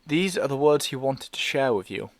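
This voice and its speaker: A man voicing a grieving middle-aged mother who speaks gently but urgently in an audiobook reading. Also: mid-range voice, animated, normal speed, dry recording, natural voice. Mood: gentle. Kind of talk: audiobook character voice.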